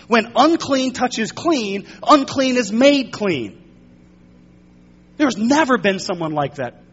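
A man with a high voice preaches a sermon, leaning hard into key words and slowing down to stress them. The sound is a little dull, with a faint hum under it. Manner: emphatic preaching, swelling louder and slowing for stress. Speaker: pastor.

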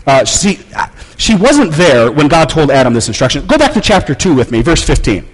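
Animated preacher in an echoing hall. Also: male voice, fairly high pitch, brisk, slightly rough. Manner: conversational, emphatic, wry humor. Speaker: pastor. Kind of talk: sermon. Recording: long reverb of a large hall.

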